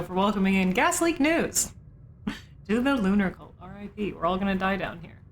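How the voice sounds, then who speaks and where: A woman's voice: lowish voice, a bit bright, slight background noise. A woman streaming a game in casual commentary, chatty with frequent swearing and laughing asides. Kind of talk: casual let's play commentary.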